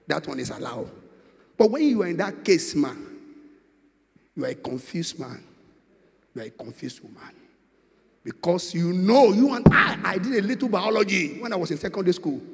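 A Nigerian man preaching a sermon, moving between quiet storytelling and shouted prayer, with call-and-response questions to the congregation. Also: high-pitched, lively intonation, moderate pace, creaky, long pauses, in a large hall. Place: large church with long reverb.

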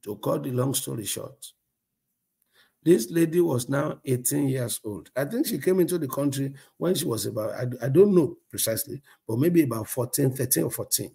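A man preaching a sermon as pastor, telling a story in an animated way, acting out dialogue and chuckling often. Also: mid-range voice, moderate pace, gravelly, breathy edge.

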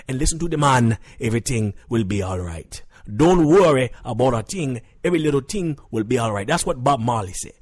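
A man's voice: mid-range voice, husky. Man doing Edward, a hot-tempered Jamaican husband. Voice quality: broken grammar, preachy and repetitive. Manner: flares into shouting. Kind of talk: comedy radio call-in sketch.

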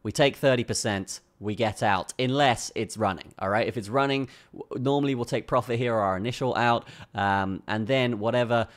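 A man's voice: medium pitch, normal speed. A tired man hosting a casual crypto chart walkthrough, ending his points with "okay?" and "all right?" and repeating his own phrases. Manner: keeps tagging lines with "okay?" and "all right?". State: tired from a long day. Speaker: crypto trading channel host. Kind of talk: casual screen-recorded chart analysis.

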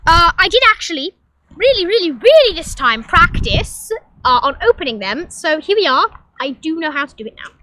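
A woman's voice: high-pitched, racing, hardly any pauses, noisy background. A woman voicing a grandiose, theatrical announcer who hosts a deadly reaping and keeps getting flustered and restarting her sentences, in a comedic game role-play. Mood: announcing. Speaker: host of the reaping.

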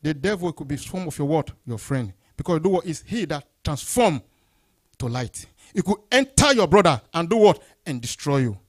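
A male pastor preaching a sermon, throwing out questions and answering them, swinging between loud high lines and low quiet ones. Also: animated, normal speed. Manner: call-and-response questions, rising then dropping low.

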